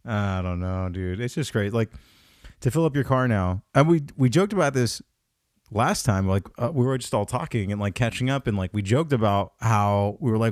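A man's voice: on the low side, expressive, normal speed, no room sound, clean studio sound. Rambling, profane male podcast host. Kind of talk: casual comedic podcast chat.

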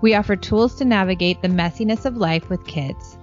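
A woman reading a podcast intro voice-over in a gentle, reassuring way. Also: mid-range voice, brisk. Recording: dull lo-fi voice-over over music.

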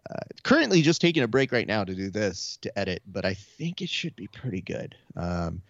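A man's voice: lowish voice, big pitch swings, brisk, no room sound, lo-fi sound. A man co-hosting a podcast, telling loose, profane stories and acting out the voices of people he quotes. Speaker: podcast co-host. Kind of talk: casual chat.

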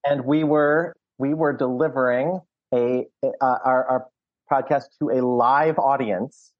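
Halting man discussing films, muffled sound. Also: mid-range voice, steady tone. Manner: hesitant, many restarts. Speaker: podcast co-host. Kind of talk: casual film discussion.

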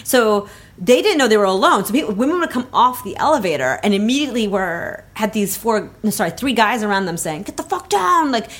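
A young adult woman telling a story in casual conversation, animated and laughing as she talks. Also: medium pitch, fairly quick. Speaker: comedy podcast guest.

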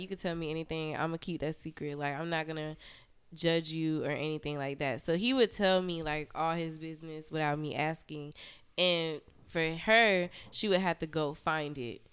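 A young adult woman, a podcast guest, telling an explicit story in casual chat, animated and profane, with lots of "like". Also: deep voice, moderate pace, smooth.

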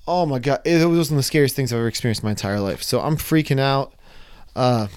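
A young man casually telling a wild personal story, animated, sometimes acting out his own panicked screams. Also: medium pitch, quick pace, clear, resonant tone.

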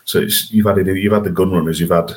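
A man with a low voice co-hosts a casual podcast chat. He is chatty and jokey and happily pokes fun at himself. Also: fairly even intonation, quick pace. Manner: jokey, self-deprecating, chatty. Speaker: podcast co-host.

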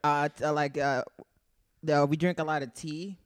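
A man's voice: on the high side, fairly even intonation, normal speed, smooth. A man in casual chat, speaking hesitantly with many fillers.

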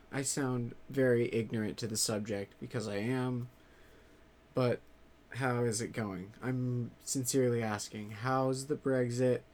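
A man chatting casually to his viewers in a rambling way, swearing freely and halting often on fillers. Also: medium pitch, darkish tone. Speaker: vlogger.

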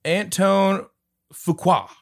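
A man's voice: sits high, extremely slow, a bit bright, dry recording, clean studio sound. A man co-hosting a podcast, chatting casually about a film and joking about his own slip-ups. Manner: joking, laughs at own slips. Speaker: podcast co-host. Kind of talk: casual movie review chat.

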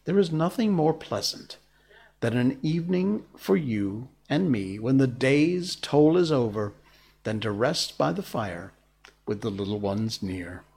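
A man's voice: mid-range voice, lively intonation, unhurried, gravelly, a little mellow, slight background noise. A man reading aloud, raising his voice to play an earnest, puzzled young boy. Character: boy Peter, puzzled and boyish.

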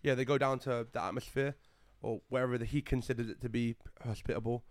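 A man's voice: medium pitch, fast, no room sound, clean studio sound. A young man, telling a film story in casual podcast chat, acting out the quotes and swearing freely. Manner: animated storyteller, acts out quotes loudly, swears, laughs often. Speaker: podcast host.

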